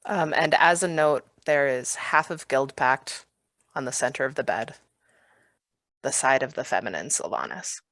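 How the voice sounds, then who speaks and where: A woman taking part in a tabletop game, speaking slowly and deliberately. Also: extremely low pitch, fairly bright tone, no room sound. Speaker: player. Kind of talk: tabletop play.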